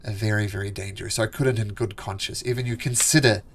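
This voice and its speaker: A man's voice: on the low side, fairly even intonation, fast talker, fairly bright tone, a little hiss or hum. A man voicing an earnest, nervous male half-elf naturalist who stammers and restarts his words politely in a tabletop game.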